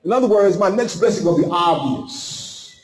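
A male preacher delivering a sermon with passion, dramatic pauses and acted-out voices. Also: high-pitched, lively intonation, reverberant, a crowd in the background.

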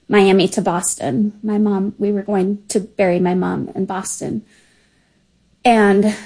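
A woman in her fifties telling a personal memory in a slow, emotional, halting way. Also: mid-range voice, a little mellow, low-quality recording. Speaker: story contributor. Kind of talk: personal storytelling.

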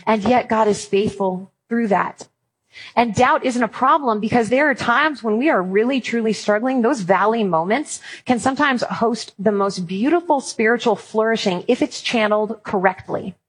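A woman, giving a talk to a Christian audience and telling lively stories with playful humor. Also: fairly high pitch, normal speed, slightly rough, low-quality recording. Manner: animated storytelling with playful humor. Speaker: Christian speaker on apologetics and parenting.

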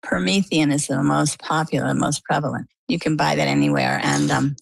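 Low gravelly woman telling her story. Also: moderate pace, no echo, rough recording. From Maine. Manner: animated storyteller, acts out quoted dialogue. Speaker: interview guest. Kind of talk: storytelling in an interview.

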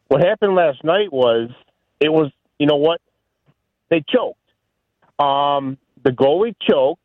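A man's voice: on the high side, no echo. Man calling in on a phone line. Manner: rambling, frequent "you know". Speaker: radio caller. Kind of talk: call-in radio.

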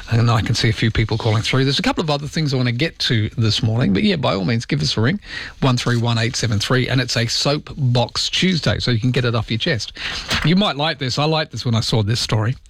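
A man's voice: mid-range voice, creaky, fairly bright tone, no echo. A man hosting a radio talk show, rambling and joking in casual chat. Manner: rambling, jokey and chatty.

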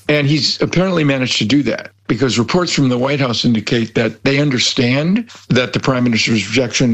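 A man's voice: medium pitch, a bit bright. A man speaking as a guest analyst, confident and analytical, with colloquial asides. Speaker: former government advisor, guest. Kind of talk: interview comment.

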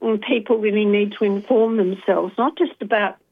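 A woman's voice: mid-range voice, fairly even intonation, moderate pace. Thoughtful woman caller on a dull line. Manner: polite, thoughtful, hesitant with many ums. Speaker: radio caller. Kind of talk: phone-in talk radio. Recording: dull phone-line audio.

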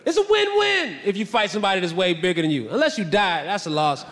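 High-voiced man doing stand-up storytelling. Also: fast, big-room sound, noisy background. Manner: animated, swings into shouted bits. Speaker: stand-up comedian.

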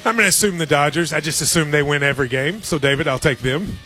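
A man's voice: on the high side, fast talker, pushed and bright, faint music behind. A man hosting a radio show, making casual sports picks in an easygoing, joking way. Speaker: radio host.

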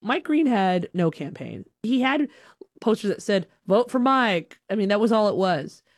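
Mellow-voiced woman telling a lively story. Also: mid-range voice, moderate pace, no room sound, studio quality. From Huntsville, Alabama, USA. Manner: lively, self-deprecating, slips into voices. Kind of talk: personal storytelling.

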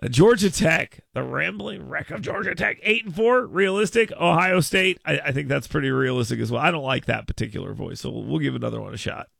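A man's voice: fairly high pitch, lively intonation, fairly quick, gravelly, hardly any pauses, fairly bright tone, slightly rough, dry recording. A man hosting a casual sports stream, talking off the cuff and often stumbling and repeating his words. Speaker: sports show host. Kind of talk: casual live-stream commentary.

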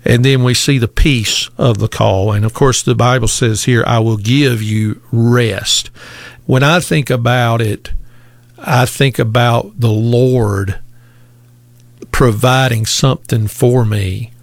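Male preacher, gravelly and unhurried, dry recording, deliberate repetitive delivery. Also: medium pitch, no echo. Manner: slow, deliberate preaching with repeated phrases. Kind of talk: sermon.

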